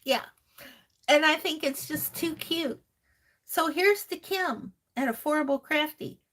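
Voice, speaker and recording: A woman with a high voice and a fairly bright tone speaks at a measured pace. As host of a crafting channel, she chats casually during her live stream, reading comments, laughing frequently and warmly calling viewers honey and sweetheart.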